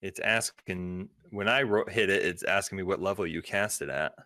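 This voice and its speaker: A man narrating a tabletop game as game master, describing the action in lively, vivid detail. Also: low voice, normal speed, dry recording.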